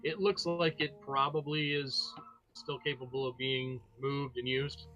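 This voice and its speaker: A man running a tabletop game as game master, narrating in a relaxed, loose way with fillers. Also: medium pitch, measured pace, muffled recording, faint music behind.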